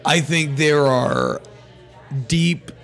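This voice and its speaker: A man's voice: a little high, wildly swooping pitch, drawn-out words, fairly bright tone, soft background music. A man co-hosting a podcast, talking through ideas in a thoughtful, rambling way with frequent restarts. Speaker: podcast co-host. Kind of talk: casual chat.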